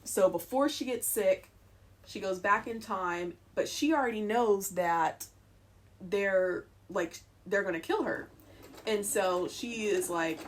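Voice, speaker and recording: Speaking slowly at a medium pitch, a young woman chats on a live stream as she sews, giggling and murmuring to herself along the way.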